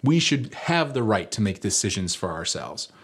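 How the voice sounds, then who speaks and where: Man, pastor, fairly low voice, chatty sermon storytelling, lots of ums. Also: moderate pace, breathy edge. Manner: relaxed storytelling with fillers.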